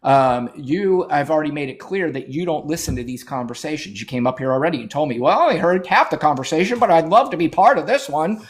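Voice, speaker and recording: A man's voice: a little high, fast, hardly any pauses. A man hosting a live political debate stream, arguing heatedly and profanely with a caller and talking over him.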